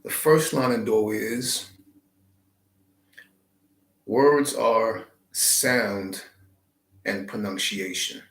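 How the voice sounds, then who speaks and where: A man hosting his channel, giving a slow, reflective spiritual talk with deliberate, drawn-out phrasing. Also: fairly low pitch, fairly even intonation, a bit bright, echoey room, low-quality recording. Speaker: channel host.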